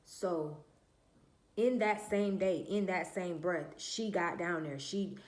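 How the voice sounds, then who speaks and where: Woman vlogger, candid storytime, blunt and emphatic, fairly low voice, echoey room. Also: takes it slowly. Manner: candid and blunt, swears freely, addresses viewers as y'all; emphatic, repeats herself and trails off with "da, da, da". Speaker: vlogger telling a personal story. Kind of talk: casual storytime monologue.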